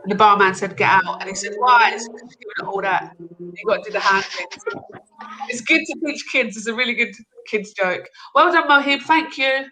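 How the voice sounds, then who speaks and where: A woman's voice: mid-range voice, a little fast, pushed and bright, rough recording. A woman hosting a casual livestream, chatty, rambling and laughing often. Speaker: livestream host.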